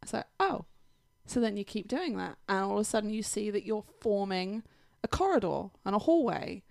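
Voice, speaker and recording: Gravelly-voiced enthusiastic woman host. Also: mid-range voice, fairly quick, no echo, studio quality. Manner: enthusiastic, animated storytelling. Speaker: podcast host. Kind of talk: casual chat.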